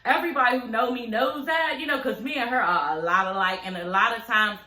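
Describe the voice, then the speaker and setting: A woman recapping a reality TV show in a sassy, profane, animated way, talking straight to her viewers. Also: on the high side, a little fast, echoey room. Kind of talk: casual, profane recap chat.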